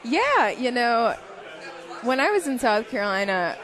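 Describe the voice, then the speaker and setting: A woman's voice: on the high side, big pitch swings, unhurried, a bit bright, a faint crowd, poor audio. A young woman in her twenties, a TV news reporter and guest, chatting and laughing easily. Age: 20s. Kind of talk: casual interview chat.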